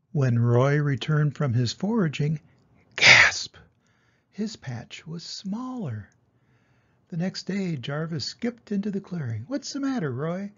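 An older man, a grandfather, reading a children's storybook aloud in a gentle, lively storyteller's way. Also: fairly high pitch, vocal fry, breathy edge, dull audio.

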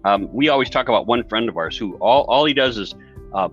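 A man's voice: mid-range voice, lively intonation, fairly quick, fairly bright tone, soft background music. A male talk show host speaking in an emphatic, motivational way during a conversational interview. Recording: dull lo-fi sound.

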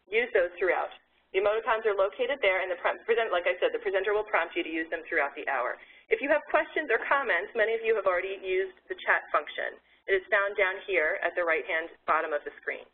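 A woman hosting a webinar, giving measured instructions with a few slips before introducing the speaker. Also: medium pitch, breathy edge. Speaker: webinar host. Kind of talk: reading housekeeping instructions. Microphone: video call. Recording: tinny phone-like line.

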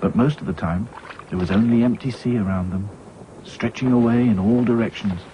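A man narrating a children's story in a lively, expressive way. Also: lowish voice, brisk. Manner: lively, voices every character himself. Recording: slightly dull with faint hiss.

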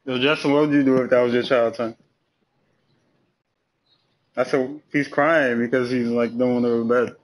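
A man talks casually while he plays a game live, bantering with friends in his party. He swears constantly, laughs a lot and jumps into loud mock outrage before dropping back to a low mutter. His voice sits in an ordinary middle pitch. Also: steady tone, normal speed, long pauses. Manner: profane, joking, laughs often, swings into loud mock outrage. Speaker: gamer streaming live.

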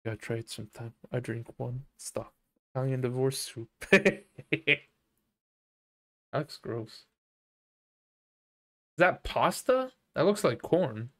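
Slow-talking joking male game streamer. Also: mid-range voice, expressive, fairly bright tone. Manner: joking, profane, laughs often. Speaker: gaming streamer. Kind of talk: casual live-stream chat.

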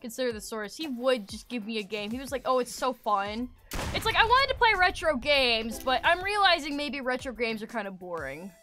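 A woman's voice: high-pitched, big pitch swings, brisk, hardly any pauses, pushed and bright, soft background music. A woman game streamer chatting casually, rambling and swearing in joking commentary.

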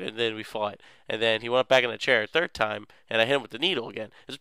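A man's voice: fairly low pitch, steady tone, fast talker, few pauses, sharp tone, clear, resonant tone, no room sound, studio quality. Goofy rambling young man recapping a game. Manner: rambling, goofy, lots of filler words. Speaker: let's play host.

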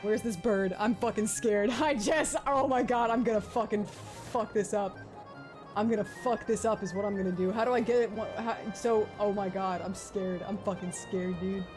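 A woman's voice: medium pitch, fairly even intonation, moderate pace. A young woman streaming a video game live, panicking, swearing and laughing as she plays. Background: game music.

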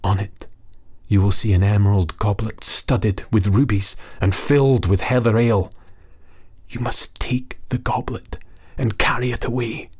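A man's voice: fairly low pitch, steady tone, measured pace, husky. A man voicing a sorrowful, wrinkled old goblin who was once a mortal, in a storybook reading, wailing and whispering. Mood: hushed warning.

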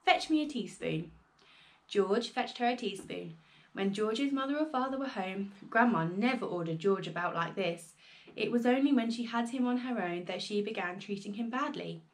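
With an expressive storytelling manner, a woman reads a children's storybook aloud. Her voice is mid-range and her pace moderate.

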